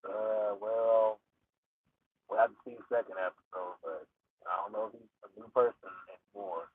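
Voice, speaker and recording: A man's voice: lowish voice, steady tone, normal speed, slightly rough. A man live-streaming a casual, rambling recap of a TV episode. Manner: rambling, with many fillers. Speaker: livestream host. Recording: tinny phone-like line.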